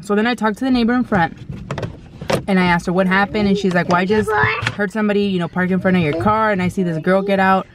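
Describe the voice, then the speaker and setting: Woman telling a lively storytime vlog. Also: medium pitch, fast, heavy background noise. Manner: animated, blunt storytelling with slang and mild swearing; acts out quoted lines in a raised, exclaiming voice. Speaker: vlogger. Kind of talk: casual storytime while eating.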